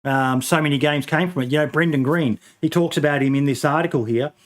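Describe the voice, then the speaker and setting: A man's voice: fairly high pitch, brisk. A man hosting a casual podcast, rambling with many ums and restarts and casual swearing. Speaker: podcast host.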